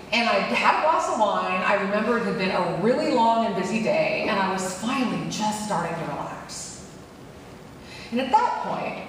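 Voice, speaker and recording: A woman giving a keynote speech, telling a personal story in an animated way as her voice climbs at dramatic moments. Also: a little high, a little hiss or hum. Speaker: keynote speaker. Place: large conference hall. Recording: echoey hall heard from far off.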